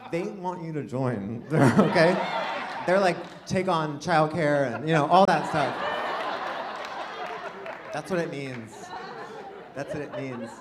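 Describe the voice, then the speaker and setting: A man's voice: on the high side, lively intonation, moderate pace, long pauses, crowd noise, noisy background. Rambling, self-deprecating man doing stand-up. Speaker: stand-up comedian. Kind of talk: stand-up comedy set. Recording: live room with audience laughter. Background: audience laughing.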